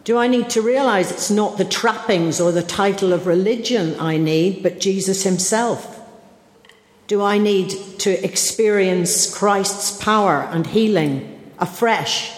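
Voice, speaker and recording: Woman preacher, slow and earnest, lots of church echo and long reverb. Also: medium pitch. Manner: slow, earnest and reflective, with searching questions. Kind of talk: sermon.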